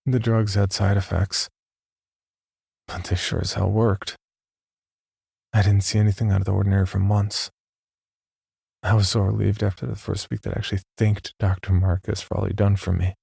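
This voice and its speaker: A man narrating a first-person horror story in a slow, measured, scripted delivery. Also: flat delivery, warm tone, no room sound, studio quality. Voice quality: deep gravelly voice.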